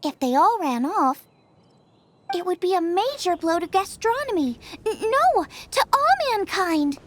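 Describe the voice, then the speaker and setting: A woman voicing a cheerful young female chef in a video game, bubbly and excitable about food. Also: very high-pitched, a little slow, full character voice. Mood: earnest. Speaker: game character. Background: game music.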